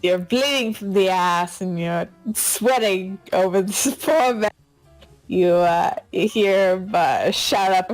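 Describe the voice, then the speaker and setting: A woman's voice: medium pitch, measured pace, soft background music, rough recording. A woman acting as game master, narrating a tabletop game in a chatty way with frequent fillers.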